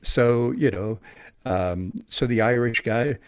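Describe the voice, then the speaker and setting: A man who works as an audiobook narrator, talking in a relaxed, chatty interview manner with plenty of fillers. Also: lowish voice, a little slow, dry recording. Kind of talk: casual interview talk.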